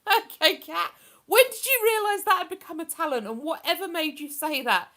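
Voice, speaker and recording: A woman's voice: extremely high pitch, lively intonation, moderate pace, sharp tone. A woman with a chatty, rambling manner, hosting a casual live stream and reading out viewer comments. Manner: chatty, rambling, with many fillers.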